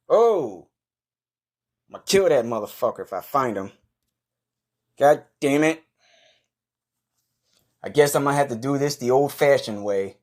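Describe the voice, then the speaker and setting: A man narrating a comic story in a profane, deadpan way. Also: mid-range voice. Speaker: comedian narrating a skit.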